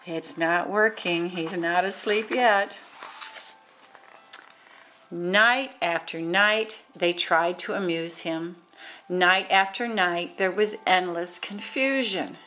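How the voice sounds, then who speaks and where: A woman reading a rhyming picture book aloud in a sing-song, animated way, adding exclaimed asides between verses. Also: lowish voice, slow pace, slight background noise. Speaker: storybook reader.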